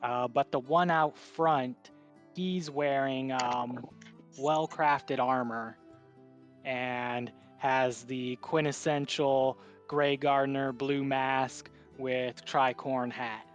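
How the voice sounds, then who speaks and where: A man narrating a tabletop game as its game master, taking his time and pausing often. Faint music plays under his voice. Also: mid-range voice, lo-fi sound. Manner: relaxed, hesitant narration with fillers.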